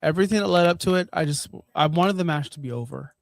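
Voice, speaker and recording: A man's voice: a little high, fast, creaky, dry recording. Laid-back man in a dry room. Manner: laid-back, joking, says "brother" a lot, swears. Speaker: podcast co-host. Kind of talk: casual wrestling podcast chat.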